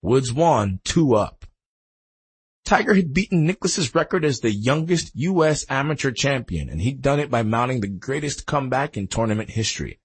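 A male narrator reading a sports biography aloud in a dramatic storytelling manner. His voice is very husky and gravelly, and his pitch moves animatedly. He swells with emphasis at the big moments. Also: animated, normal speed. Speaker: audiobook narrator. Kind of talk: scripted narration.

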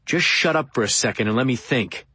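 A woman voicing a gruff, menacing male captor who speaks in a low growl for an audiobook. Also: brisk, sharp tone, dry recording, exaggerated voice. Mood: dismissive.

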